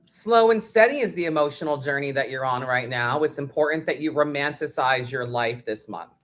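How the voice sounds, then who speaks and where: A woman's voice: sits low, animated, fairly quick. A woman hosting a live tarot stream, chatting casually and bluntly with viewers and swearing freely. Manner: blunt and sweary, talks straight to the chat.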